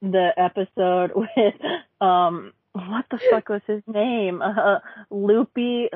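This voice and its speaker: A woman's voice: medium pitch, fairly even intonation, takes it slowly, husky, no echo. Swearing rambly woman, forgets names, dry tinny phone-ish sound. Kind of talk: casual chat reviewing a cartoon episode.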